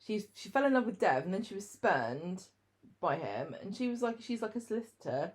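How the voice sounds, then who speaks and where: A woman's voice: mid-range voice, fairly quick. Chatty woman retelling a story. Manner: storytelling, lively recap with hesitations. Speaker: podcast co-host. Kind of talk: casual chat.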